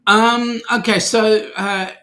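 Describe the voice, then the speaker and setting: A man's voice: high voice, fairly even intonation, takes it slowly, bright, forceful tone. A man with an Australian accent co-hosting a casual live-stream chat, greeting viewers by name and teasing them. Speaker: podcast co-host.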